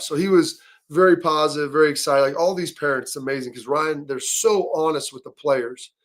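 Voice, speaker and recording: A man's voice: on the high side, steady tone, brisk. A male sports-show host with a slightly raised voice chats casually. He rambles through his stories, full of fillers and restarts.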